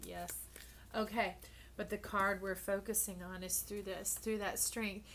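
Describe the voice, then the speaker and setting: Bright-voiced playful woman tarot reader. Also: mid-range voice, measured pace, a little hiss or hum. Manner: playful and animated, often dropping to a soft whisper; calls listeners "baby" and "y'all". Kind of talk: casual tarot reading to camera.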